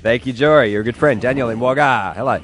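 A man's voice: mid-range voice, fast, soft background music. Joking radio host man. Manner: joking, punning, laughs often. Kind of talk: late-night radio banter.

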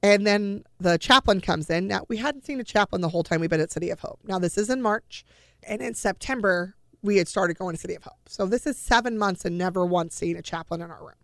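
Woman with a gravelly voice telling a family story. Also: mid-range voice, brisk, fairly bright tone, no room sound, studio quality. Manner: emotional retelling with acted-out quoted dialogue. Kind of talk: personal storytelling.

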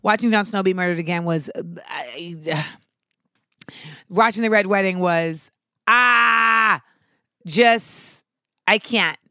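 A woman chatting casually and animatedly, swearing freely and acting out quotes with sudden shouts. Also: lowish voice, measured pace, no room sound, studio quality. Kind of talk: casual chat about a TV show.

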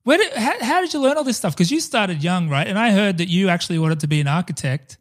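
A man's voice: high-pitched, animated, fast talker. A man hosting a podcast, reacting eagerly with short exclamations and asking questions. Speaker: podcast host. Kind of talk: casual chat.

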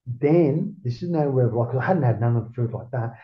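A man's voice: medium pitch, expressive, a little fast. A man in his forties with an Australian accent telling stories in a casual interview, swearing freely and acting out his own past words. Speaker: interview guest. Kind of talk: casual storytelling. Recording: roomy, dull lo-fi sound.

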